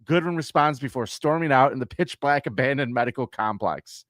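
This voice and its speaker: A man's voice: medium pitch, a little fast, a bit bright, no echo. Podcast co-host, man, middle-aged, dry booth sound, casual swearing comic delivery. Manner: reads news story aloud with jokes, swears casually. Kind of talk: casual comedic chat.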